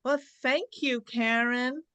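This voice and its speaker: A woman's voice: high-pitched, steady tone, slow pace, a bit bright, clear, resonant tone, no echo. A woman host interviewing a guest, prompting her with short questions and directions. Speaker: host and coach. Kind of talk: casual interview.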